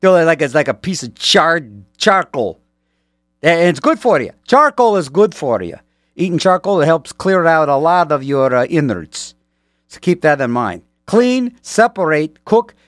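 A man's voice: a little high, no echo. A man hosting a radio show in a rambling, playful way, joking his way through the ads on a studio mic. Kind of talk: casual radio chat.

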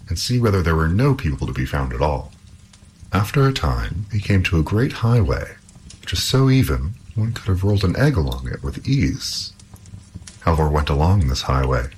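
Deep-voiced man reading a fairy tale. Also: slight background noise. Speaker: storyteller.

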